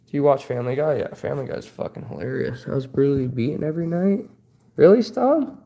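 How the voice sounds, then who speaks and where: A man, probably in his thirties, hosts a casual livestream, reading the chat aloud and swapping loose, profane jokes with viewers. His voice is medium in pitch, creaky and warm, and he talks at a quick pace.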